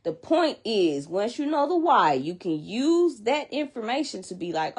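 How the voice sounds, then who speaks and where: A woman's voice: a little high, sing-song, unhurried, hardly any pauses, slightly rough. A woman casually explaining to viewers why children act out, talking chattily and emphatically and checking in with her listeners as she goes. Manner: chatty and emphatic, repeats and restarts while explaining; addresses listeners directly, checking in with "okay?" and "you know what I'm saying?". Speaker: child behavior educator.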